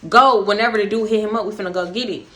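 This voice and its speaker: A woman voicing a young woman friend who talks vaguely and mysteriously, quick and pushy. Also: medium pitch, fairly bright tone, pitched below the performer's own voice, lightly acted. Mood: evasive. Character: evasive young woman friend talking in riddles.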